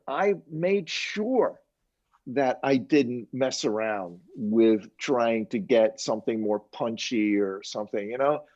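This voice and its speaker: Older man telling animated studio stories. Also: mid-range voice. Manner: animated anecdotes, quoting others, chuckling. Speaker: mixing engineer guest. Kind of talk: casual interview storytelling. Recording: dull lo-fi sound.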